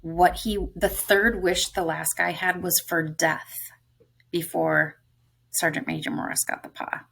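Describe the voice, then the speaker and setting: Woman, teacher, close-reading lesson, thoughtful, musing, low voice, vocal fry. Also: steady tone, measured pace, a bit bright.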